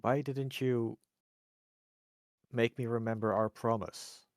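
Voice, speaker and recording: A man giving voice to Baird, a soft, hurt old friend. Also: medium pitch, fairly even intonation, takes it slowly, no echo, studio quality, lightly acted. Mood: hurt, pleading. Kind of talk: narrating a tabletop game in character.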